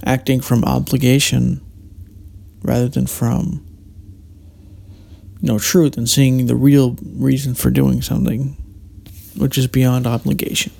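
A man's voice: mid-range voice, level tone, unhurried, vocal fry, pauses often, a little mellow. A man hosting a solo podcast, talking reflectively in a meandering way, with frequent restarts and hesitations. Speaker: podcast host.

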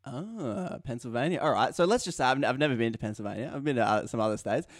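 Australian male host, jokey casual interviewer, mid-pitched, dead-dry mic. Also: lively intonation, quick pace, no room sound. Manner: jokey, rambling, drops into playful role-play. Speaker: podcast host.

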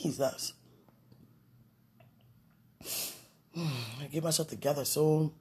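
A vlogger speaking an emotional, pleading prayer to the camera, swinging between quiet murmurs and excited bursts. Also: mid-range voice, drawn-out words, breathy edge. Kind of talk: casual spoken prayer to camera.

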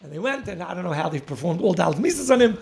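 A man with a high, gravelly voice gives an animated Torah talk. He tells each story with energy and often laughs as he goes. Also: racing, a little hiss or hum. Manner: animated storytelling, laughing often, mixing Yiddish and Hebrew terms. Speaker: Torah teacher.

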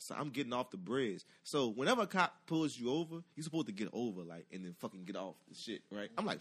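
A man telling a profane, excitable story and acting out the voices with loud outbursts. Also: medium pitch, a little fast, slightly rough. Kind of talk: animated storytelling.

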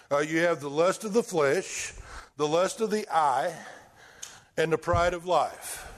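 A man preaching a folksy sermon, swinging from loud bursts down to hushed lines. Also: on the high side. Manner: animated, swings from shouting to near-whisper, folksy.

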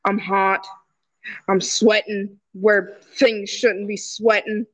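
Slow, dull-sounding young woman with quips. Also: mid-range voice. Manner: short deadpan quips. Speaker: podcast guest. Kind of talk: casual chat.

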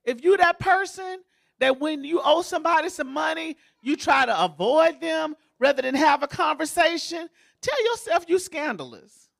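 A woman's voice: sits high, expressive, normal speed, creaky. Lady pastor preaching, chatty and joking, voice swoops up and down a lot. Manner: folksy, joking, conversational preaching. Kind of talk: sermon.

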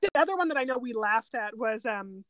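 Woman podcast co-host, high voice, dry close sound, animated casual chat. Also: fairly quick, dry recording, poor audio. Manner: animated, quotes movie lines in playful voices.

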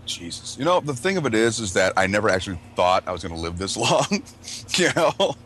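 A man's voice: on the low side, big pitch swings, brisk, a bit bright, slight background noise. A man telling profane, laughing stories in a casual chat among friends. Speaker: podcast regular.

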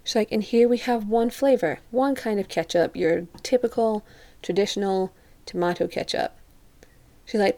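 Telling a casual story to the camera, this young European vlogger speaks fairly quickly in a medium-pitched, dark-toned voice. She's chatty, can't stop saying "like," and acts out what people told her.

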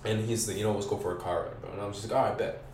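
A man's voice: on the low side, steady tone, rapid-fire, darkish tone. A young man telling a casual story in heavy slang and profanity, acting out his own quoted lines. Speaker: podcast guest. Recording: roomy, distant mic, faint noise.

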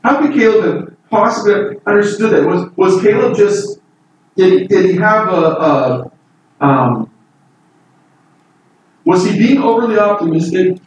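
A man's voice: sits high, a little slow, long pauses. A man preaching a Bible sermon in an earnest, emphatic way, voice lifting on key points. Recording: echoey room from far off with faint noise.

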